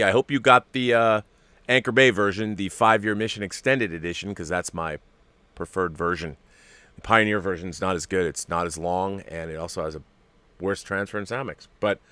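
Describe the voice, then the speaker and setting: A man hosting a casual live-stream show and answering viewer messages. He is excitable and swears often, dropping to near-whispers and then bursting out loud. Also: lowish voice, no echo.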